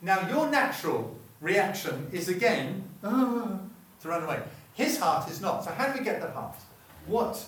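A man's voice: high voice, very animated, normal speed, few pauses, a bit bright. A man preaching a sermon, chatty and often stopping himself mid-sentence to put questions to the congregation. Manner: chatty, self-interrupting, asks the room questions. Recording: echoey room, voice from far off.

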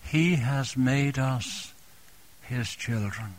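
A man delivers a sermon at an unhurried pace, gentle and tender in manner. His voice sits at a middle pitch, and he often repeats short phrases softly as he speaks to the congregation as dear friends. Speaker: preacher.

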